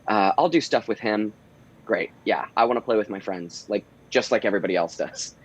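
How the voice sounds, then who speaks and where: A man who works as a voice actor, chatting casually as an interview guest, relaxed and rambling with lots of pauses and restarts. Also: on the low side, breathy edge, low-quality recording. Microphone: home recording booth.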